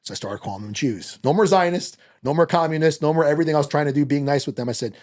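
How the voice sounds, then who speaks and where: A man talking as a podcast guest in a fast, heated, profane rant. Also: a little high. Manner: fast, animated, profane ranting.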